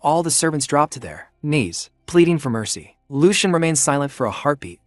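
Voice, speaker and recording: A man narrating a scripted story recap in an even, steady way. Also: on the high side, normal speed, dry recording, clean studio sound. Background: faint music.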